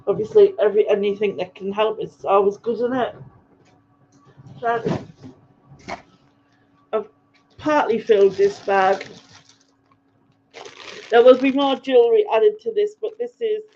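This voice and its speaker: A woman's voice: mid-range voice, measured pace, pauses often, dark tone, slight background noise. A woman hosting a livestream, casually rambling through viewer comments with frequent ums and laughs. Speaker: livestream host. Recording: dull lo-fi livestream audio.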